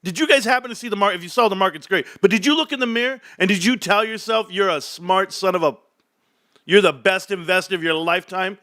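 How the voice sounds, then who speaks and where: Cocky guy hosting a stream, high bright voice, joking with chat. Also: quick pace. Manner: brash, boastful, laughing at the chat. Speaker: livestream host. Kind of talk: casual stock market livestream.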